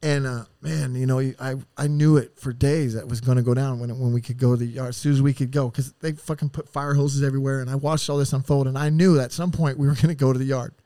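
A man telling rough stories as a podcast guest, casual and full of swearing, rambling and acting out what people said. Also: medium pitch, steady tone, quick pace, few pauses, warm tone, no room sound, studio quality. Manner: profane, rambling, acts out quotes. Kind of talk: casual storytelling.

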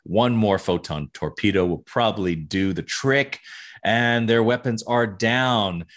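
A man's voice: fairly low pitch, a little slow, a bit bright. A middle-aged man co-hosting a podcast, casually recapping an episode and playfully acting out lines. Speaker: podcast co-host.

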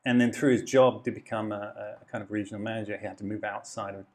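A man's voice: fairly low pitch, steady tone, fast talker. A man from Devon, England, talking as an interview guest in a thoughtful, rambling way with lots of fillers and restarts. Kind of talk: casual interview chat.

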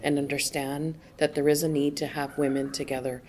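A woman's voice: low-pitched, little pitch movement, a little fast, a little mellow, slight background noise. A woman answering interview questions at a conference, effusive and full of exclamations. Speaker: conference attendee, AA member.

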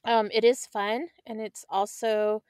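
A woman's voice: on the high side, little pitch movement, measured pace, darkish tone, clean tone, dry recording, studio quality. A woman with an American accent co-hosting a podcast in casual chat, giggly and agreeable. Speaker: podcast co-host.

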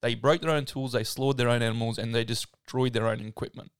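A man's voice: medium pitch, fairly even intonation, fast talker, clean tone, no room sound. Chatty man laughing, dry mic. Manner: laughs often, explains history loosely. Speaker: podcast host. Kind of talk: casual chat.

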